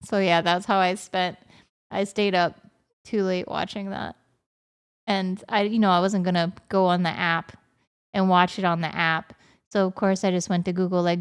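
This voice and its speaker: A woman hosting a livestream from home, telling a story in an animated, chatty way with lots of fillers and laughter. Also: on the low side, moderate pace, smooth. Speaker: livestream host. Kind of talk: casual chat.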